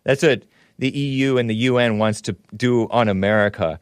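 A man's voice: medium pitch, moderate pace, clean tone, no echo. A man hosting a call-in talk show, rambling and laughing as he reads comments and takes calls. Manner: rambling, laughs often, restarts mid-sentence.

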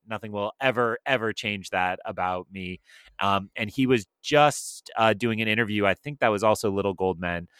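A man's voice: on the low side, a bit bright, clear, resonant tone, no echo. A man co-hosting a casual film podcast, chatty and enthusiastic, with many fillers. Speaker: podcast co-host.

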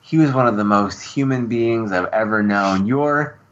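A man reading the lines of a weary, heroic superhero in an amateur table read, with a slow, earnest delivery. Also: lowish voice, lo-fi sound, natural voice. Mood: grim.

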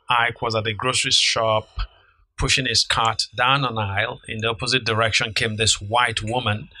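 A middle-aged man co-hosting a podcast, telling an anecdote in an unhurried, measured way. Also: fairly low pitch, sharp tone, dry recording, poor audio. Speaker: podcast co-host, author. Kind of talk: casual storytelling chat.

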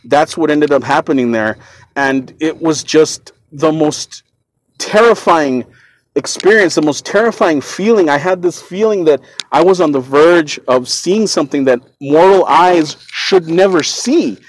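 Speaking unhurriedly in a fairly high voice, a man hosting a podcast recounts his own experience, sounding earnest and shaken and often restarting or repeating himself.

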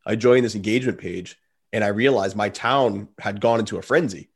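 A man's voice: on the low side, fairly quick, breathy edge. A man hosting a podcast, telling stories in a loose, rambling way full of fillers. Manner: rambling storytelling with many fillers. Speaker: podcast host. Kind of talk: casual interview talk.

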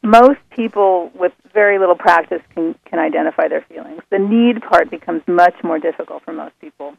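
A woman guest explaining her method in a calm, soothing, patient way. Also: lowish voice, moderate pace, gravelly, slight background noise. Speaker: author and guest. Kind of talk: explaining on a radio call-in. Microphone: phone. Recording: thin phone line.

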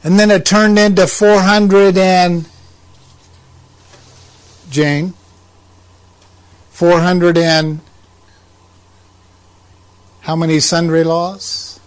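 A man's voice: high voice, little pitch movement, very slow, long pauses. A man giving conversational Bible teaching, asking rhetorical questions and making asides to his listeners.

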